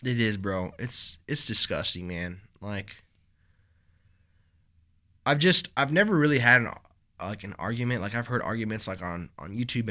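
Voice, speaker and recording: A man's voice: on the low side, pushed and bright. A young man co-hosting a podcast, telling stories in a loose, rambling way and calling his friend bro. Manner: rambling storyteller, lots of "like" and "bro". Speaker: podcast co-host. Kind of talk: casual podcast chat.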